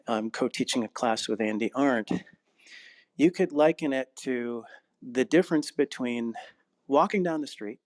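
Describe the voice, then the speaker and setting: Reflective male acting coach, mid-pitched. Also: no room sound. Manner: reflective, storytelling, slows down on key phrases; laughs while telling stories. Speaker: actor, narrator and acting coach. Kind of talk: casual interview conversation.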